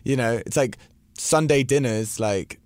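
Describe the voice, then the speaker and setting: A young Englishman with a London accent chats casually as a guest. He is cheeky and quick to joke and swear. The sound is dry and close, with no room around it. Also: mid-range voice, a little mellow, no room sound. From England. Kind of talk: casual chat.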